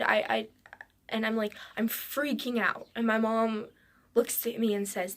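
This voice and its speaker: A woman telling a personal story in a halting way, with restarts and frequent drops into a whisper. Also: on the high side, flat delivery, a bit bright.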